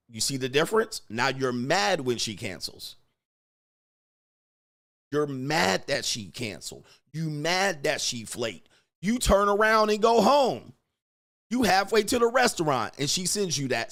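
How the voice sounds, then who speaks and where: A man's voice: expressive, measured pace, a bit bright. Blunt, emphatic man coaching on dating. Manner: blunt, emphatic, swears freely; acts out quoted lines with rising pitch. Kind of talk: casual monologue.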